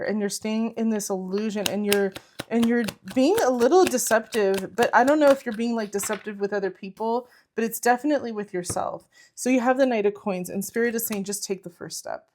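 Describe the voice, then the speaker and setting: A woman gives a tarot reading to camera, earnest and encouraging, often repeating herself and saying "like." She is close to tears at times, and her fairly high voice has a darkish tone.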